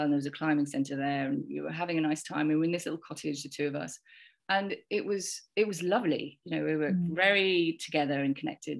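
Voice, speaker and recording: This English woman in her forties, a podcast guest, has a low-sitting voice with vocal fry. Chatting casually, she tells a rambling, heartfelt parenting story, often repeating words and quoting herself and others.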